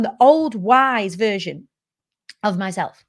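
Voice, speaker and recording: A woman, hosting her own show and candidly telling a personal story, animated, full of "like" and "right?" and casual swearing. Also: mid-range voice, normal speed. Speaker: host.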